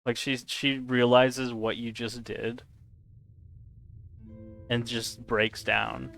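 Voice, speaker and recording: A man's voice: mid-range voice, level tone, slow pace, vocal fry, pauses often, fairly bright tone, soft background music. A man chatting casually while live-streaming a game, answering chat and laughing often.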